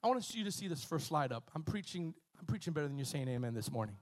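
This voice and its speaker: A man preaching a sermon, retelling a story in a lively, conversational way, with many repetitions and asides to the congregation. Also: fairly high pitch, quick pace, few pauses. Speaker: pastor.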